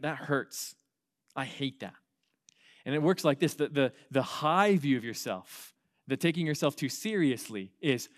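A male pastor preaching a sermon, animated, with quick asides and frequent restarts. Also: on the high side.

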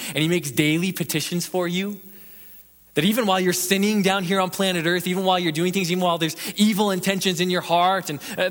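A male pastor giving an evening sermon and prayer, preaching emphatically with repeated rhetorical questions and swinging between intense passages and hushed ones. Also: sits high. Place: church sanctuary. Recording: long hall reverb.

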